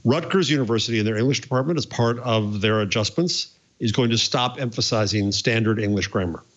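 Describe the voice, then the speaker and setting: An older man on a casual panel, speaking in a halting, reflective way with many fillers. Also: medium pitch, lo-fi sound.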